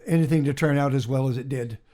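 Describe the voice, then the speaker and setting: A man hosting an interview, chatting casually and interjecting with quick agreement. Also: medium pitch, dark tone. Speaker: interview host.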